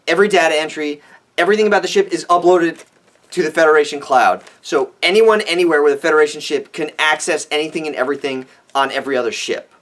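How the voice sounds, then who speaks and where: A man giving a ranting film review for his vlog, animated and exasperated, swearing freely. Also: fairly high pitch. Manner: animated, exasperated, profane, with frequent restarts.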